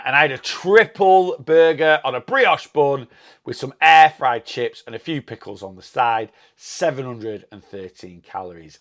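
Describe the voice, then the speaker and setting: A man talks through his week in a casual vlog, rambling happily and lingering on the food he loves. His voice has a gravelly, fry-tinged edge at a middling pitch. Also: a bit bright. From England. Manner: chatty, rambling, enthusiastic about food. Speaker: weight loss vlogger.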